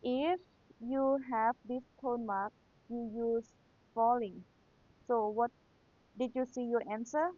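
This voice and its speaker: A woman's voice: on the high side, fairly even intonation, slow, pauses often. A young woman whose first language is Thai, teaching an exam review lesson and patiently repeating key points while checking in with rhetorical questions. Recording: tinny phone-like sound, dry.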